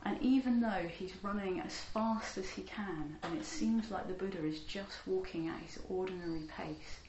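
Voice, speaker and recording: A woman teacher telling a Buddhist story in an animated, chatty way, with frequent fillers and laughs. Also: medium pitch, moderate pace, echoey room, lo-fi sound, noisy background. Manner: animated, laughing, many fillers, acts out voices. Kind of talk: storytelling dharma talk.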